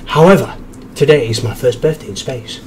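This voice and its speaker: A man's voice: medium pitch, fairly quick, a little mellow, a little hiss or hum, close to an everyday voice. A man playing a pompous starship captain, reading a log in a stiff, formal way. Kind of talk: comedic script reading.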